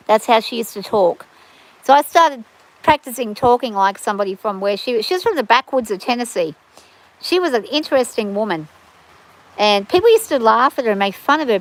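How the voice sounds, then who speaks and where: A woman chats away on her farm livestream in an easy, rambling way, often restarting her sentences. Her voice sits a little on the high side for a woman. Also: animated, fairly quick, rough recording. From Australia. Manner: chatty, rambling, frequent restarts. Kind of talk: casual rambling chat.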